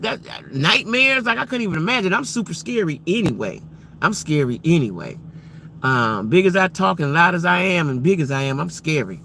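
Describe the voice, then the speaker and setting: A man's voice: sits high, creaky, bright, forceful tone, slight background noise. A man hosting a casual livestream who speaks emphatically, repeats himself and keeps asking his viewers rhetorical questions. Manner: repetitive, emphatic, addresses viewers directly. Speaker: livestream host. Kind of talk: casual live-stream commentary to chat.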